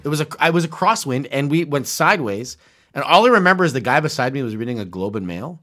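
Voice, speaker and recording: A man chatting casually on a podcast, excitable and swinging from hushed to loud. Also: mid-range voice, quick pace. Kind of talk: casual chat.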